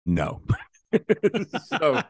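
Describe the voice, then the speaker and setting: Speaking extremely slowly, a man shares a long, profane story as a guest in a casual interview, acting out the characters' voices in an animated way. The sound is clean studio audio with no echo.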